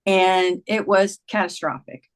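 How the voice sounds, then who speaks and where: A woman's voice: on the low side, unhurried. A woman in her fifties, a podcast guest, earnestly retelling a personal story in conversation, with many "like"s.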